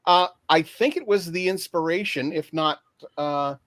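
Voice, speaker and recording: A man from Canada chatting casually as a guest on an online panel. His voice sits a little high, and he keeps stopping and restarting his sentences with lots of fillers. The sound is dry and close, with no room echo. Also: measured pace, fairly bright tone. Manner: hesitant, many fillers and restarts. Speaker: guest picking favorite films.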